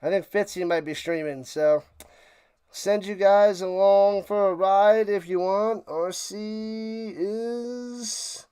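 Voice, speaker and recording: A man hosting a sports live stream, chatting excitedly and a bit out of breath as he signs off to his viewers. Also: high voice, measured pace, smooth. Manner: excited, rambling, talks to chat viewers. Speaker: sports livestream host. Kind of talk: casual live-stream sign-off chat.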